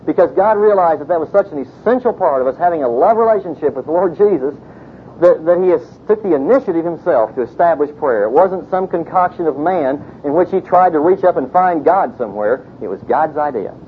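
A man preaches a sermon in a casual, conversational storytelling style, animated and fairly quick, sprinkled with "you know" asides and other fillers. The sound is tinny and phone-like, with a vehicle rumbling underneath.

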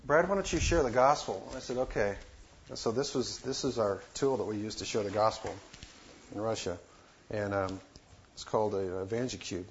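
A man telling a personal missionary story in a casual, halting way, with many fillers and restarts. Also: on the low side. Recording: dull lo-fi recording with faint noise.

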